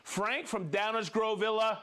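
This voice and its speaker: High-voiced chatty man hosting a live show. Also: a little slow, a crowd in the background. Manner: chatty and upbeat, calls out viewer names. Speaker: show host demonstrating tools. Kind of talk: casual live-stream chat and demonstration.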